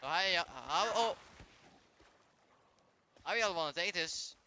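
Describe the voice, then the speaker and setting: A man's voice: high voice, measured pace, bright, forceful tone, a little hiss or hum. A man streaming a live game, commenting as he plays, taunting enemies in a mock-polite way and swearing often.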